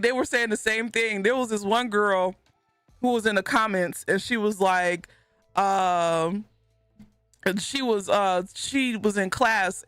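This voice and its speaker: A woman streaming live, chatting casually with her chat, animated and laughing a lot as she banters. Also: medium pitch, clear, resonant tone, no room sound. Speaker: gaming streamer.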